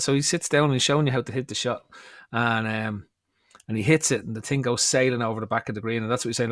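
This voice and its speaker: Male podcast co-host, quick and lively delivery, dry close mic. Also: medium pitch, dry recording. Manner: animated storyteller, acts out quotes. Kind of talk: casual chat.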